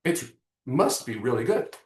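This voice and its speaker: A man's voice: mid-range voice, a little slow, reverberant. Joking man hosting an online lesson. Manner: animated, joking, addresses the audience directly. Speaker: webinar host. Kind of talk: live online marketing lesson.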